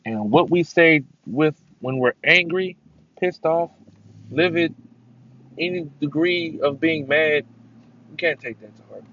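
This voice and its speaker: A man's voice: on the high side, measured pace. A man hosting a casual solo podcast, rambling and swearing, with sudden emphatic bursts. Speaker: podcast host. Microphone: headphones mic. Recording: dull lo-fi sound with faint noise.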